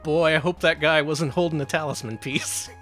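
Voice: medium pitch, steady tone, normal speed, a bit bright, faint music behind. A streamer playing a retro game live, wry and jokey, yelping at the action. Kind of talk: casual gaming stream commentary.

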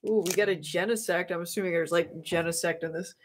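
A woman's voice: lowish voice, a little fast, hardly any pauses. A woman streaming live, bubbly and chatty, greeting viewers as she opens trading card packs. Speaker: streamer opening trading cards.

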